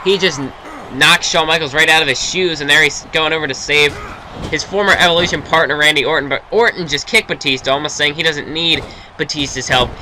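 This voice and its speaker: A man's voice: on the high side, fairly quick, slight background noise, rough recording. A young man giving casual, rambling play-by-play commentary over a wrestling video game, correcting himself as he goes, recorded on a cheap built-in mic. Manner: rambling, self-correcting, excitable at big moves. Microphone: built-in or cheap mic, no proper microphone yet.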